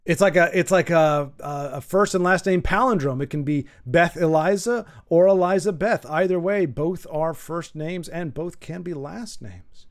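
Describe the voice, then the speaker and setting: A man from the United States runs a relaxed stream, reading chat messages and thinking out loud in a rambling way full of repeated words. His high-leaning voice moves at a normal speed with few pauses.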